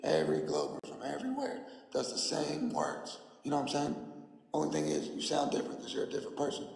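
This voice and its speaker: A man's voice: a little high, huge pitch swings, quick pace, gravelly, darkish tone, echoey room, in a large hall, poor audio. A man giving a combative, mocking livestream rant, his voice worn out. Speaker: flat earth streamer. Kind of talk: ranting livestream monologue.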